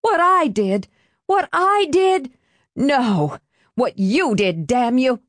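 A woman voicing a furious, worn-out middle-aged working mother who shouts in shrill rage. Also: expressive, normal speed, no room sound, clean studio sound, close to an everyday voice. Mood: screaming.

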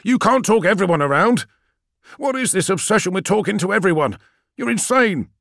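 A man voicing a nervous, high-strung male adept who talks anxiously and breaks into shrill outbursts. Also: measured pace, no room sound, studio quality. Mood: hysterical.

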